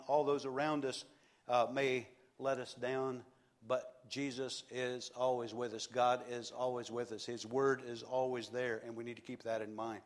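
A man preaching a sermon earnestly, repeating key phrases and pausing for emphasis. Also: medium pitch. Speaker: pastor.

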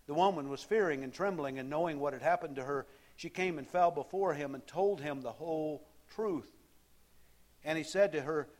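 A man delivers a sermon from the pulpit with a slightly raised pitch. He talks to his listeners in an easy, conversational way and keeps asking them rhetorical questions. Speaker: pastor.

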